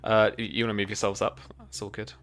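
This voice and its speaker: A man's voice: lowish voice, level tone, fast, a bit bright. A man narrating a tabletop game as game master, describing scenes loosely with many fillers.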